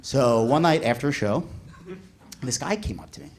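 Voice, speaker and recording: A male stand-up comedian telling a story with animated delivery, acting out shouting characters. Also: mid-range voice, moderate pace.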